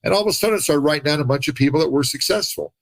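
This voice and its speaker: A man telling his life story as a podcast guest, animated, acting out the people he quotes and laughing often. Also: fairly high pitch, racing, no echo, rough recording. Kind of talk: casual storytelling.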